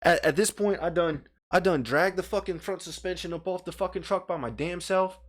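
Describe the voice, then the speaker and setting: A man's voice: high-pitched, fairly quick. Heated, swearing podcast co-host man. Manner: heated, profane, animated storytelling; gestures with his hands while talking. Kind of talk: casual podcast chat, storytelling rant. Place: podcast studio. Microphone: studio microphone.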